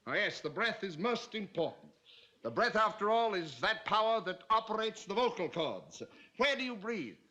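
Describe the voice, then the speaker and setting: An actor playing a fussy, pompous male singing teacher in a sitcom, lecturing in a theatrical way and demonstrating sounds loudly. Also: high-pitched, big pitch swings, normal speed, muffled recording, full character voice. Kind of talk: 1960s TV sitcom acting. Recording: noisy old TV audio with studio audience laughter.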